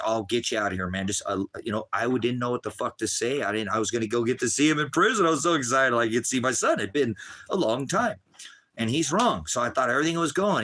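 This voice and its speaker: A man's voice: mid-range voice, pushed and bright. A middle-aged man ranting on a livestream, talking in an agitated, rambling way and swearing constantly. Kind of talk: angry livestream rant.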